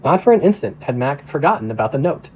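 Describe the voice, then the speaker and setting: Pastor as audiobook narrator: mellow, even, measured man. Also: on the high side, a little hiss or hum, low-quality recording. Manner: steady, measured reading. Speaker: pastor reading a novel aloud.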